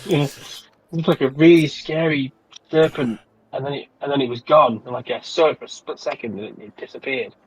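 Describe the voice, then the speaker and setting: Excitable husky-voiced male gamer. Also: medium pitch, normal speed, poor audio. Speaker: player. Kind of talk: casual tabletop game play.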